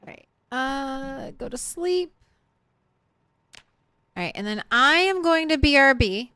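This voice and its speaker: A woman's voice: high voice, lively intonation, slow, pushed and bright. A woman streamer in casual live-stream chat, talking straight to her viewers. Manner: chatty, talks straight to chat.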